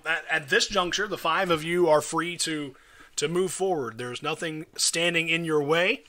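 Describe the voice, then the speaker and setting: A man runs a tabletop game with a bright, ringing voice. He narrates the action in a playful, lively way. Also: on the high side. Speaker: game master.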